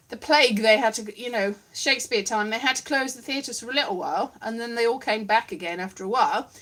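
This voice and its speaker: A woman's voice: high voice, a bit bright. A woman at home giving a rambling, giggly comic monologue with puppets, often mocking herself. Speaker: comedian doing a solo online show.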